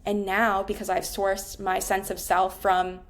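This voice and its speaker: A woman's voice: medium pitch, monotone, measured pace. A woman in her thirties, a therapist, talking candidly and emotionally about her own life, swearing often. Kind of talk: reflective personal monologue.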